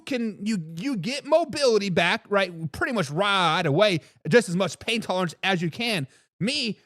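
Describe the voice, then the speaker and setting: A man's voice: very high-pitched, a bit bright, no room sound, clean studio sound. A man hosting a live sports talk show, trash-talking with brash energy as he answers viewers in the chat.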